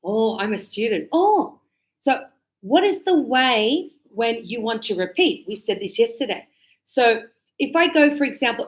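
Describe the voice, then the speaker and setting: A woman leads a lesson in a classroom. Her voice sits high and swoops widely as she plays out little greetings. She keeps an unhurried pace so students can follow. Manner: animated, acts out dialogues with sing-song high-pitched lines. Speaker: English teacher.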